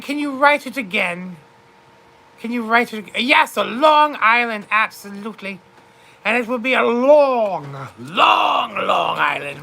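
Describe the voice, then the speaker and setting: A gushing, boozy duchess, as a woman puts her on, with a put-on British accent and a high, sparkling voice. She speaks slowly and grandly and calls everyone darling as she reads the chat of a comedic livestream. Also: bright, forceful tone. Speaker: livestream host in character.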